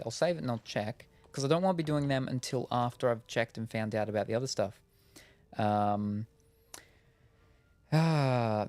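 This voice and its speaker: In a mid-range voice with a darkish tone, an Australian gaming streamer talks casually during play. He rambles, jokes around, and uses many ums.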